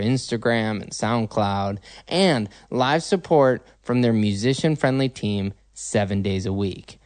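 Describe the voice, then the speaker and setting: Lively podcast host, dry close sound. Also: male voice, mid-range voice, dry recording. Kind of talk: podcast interview with a read ad.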